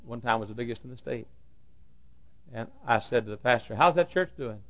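A man preaching a sermon, repeating phrases for emphasis and swinging from loud outbursts to hushed lines. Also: medium pitch, expressive, brisk. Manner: swings between loud shouted lines and hushed quiet ones; repeats phrases for emphasis, acts out quoted dialogue. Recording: dull lo-fi recording.

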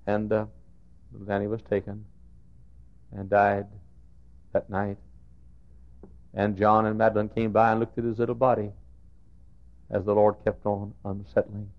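A middle-aged preacher delivers his sermon in a lowish voice, sinking to near-whispered storytelling before bursting into shouts. The sound is muffled and lo-fi, like an old church tape recording. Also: completely flat delivery, unhurried, long pauses. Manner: swings from hushed storytelling to shouted outbursts. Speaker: pastor. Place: church sanctuary.

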